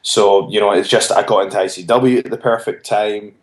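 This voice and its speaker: A man's voice: fairly low pitch, fairly even intonation, moderate pace. A man, a wrestler being interviewed, telling his story earnestly and often restarting his phrases. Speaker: wrestler guest. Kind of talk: casual interview chat. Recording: roomy echo.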